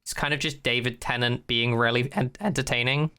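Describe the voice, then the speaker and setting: A podcast co-host in a casual chat, retelling a TV episode in an animated, rambling way, acting out the scenes. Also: medium pitch, a little fast, clear, resonant tone.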